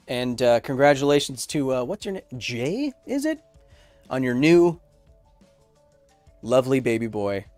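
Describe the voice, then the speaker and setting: Animated man chatting on a livestream. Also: mid-range voice, no room sound. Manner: animated, joking, rambling. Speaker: science YouTuber hosting a livestream Q&A. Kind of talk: casual livestream chat.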